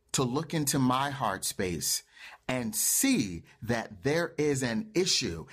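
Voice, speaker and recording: A man who hosts his own show as a life coach, delivering an emphatic, impassioned monologue that builds into fervent outbursts. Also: mid-range voice.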